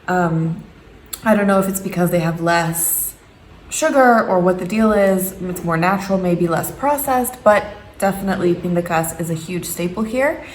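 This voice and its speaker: A woman's voice: on the low side, moderate pace. A woman in her thirties, hosting a casual, joking home vlog and putting on exaggerated voices when she quotes people. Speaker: vlogger. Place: home room. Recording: echoey room with faint background noise.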